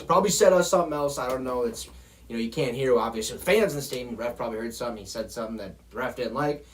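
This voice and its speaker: A man with a mid-range voice speaks quickly as he hosts a football show. He rants straight at his viewers, profane and exasperated, in a heated football tirade.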